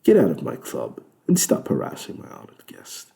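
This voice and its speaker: A man's voice: low voice, huge pitch swings, normal speed, gravelly, mellow, heavily acted. A man voicing a suave, sardonic male devil who runs a club, speaking with a British accent in a smug, lecturing way. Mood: irritated.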